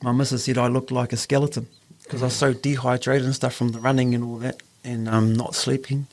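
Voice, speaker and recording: A man's voice: medium pitch, flat delivery, a little fast, darkish tone. A man with a New Zealand accent telling a personal story in a casual podcast chat, earnest, acting out the voices of the people in it. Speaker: podcast host.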